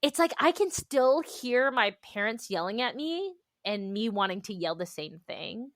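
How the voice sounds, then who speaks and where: A woman guest talking candidly about motherhood, telling animated stories, acting out her own inner voice and laughing often. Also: on the high side, a little slow, no echo, clean studio sound. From United States. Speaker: guest author. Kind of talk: candid conversational interview.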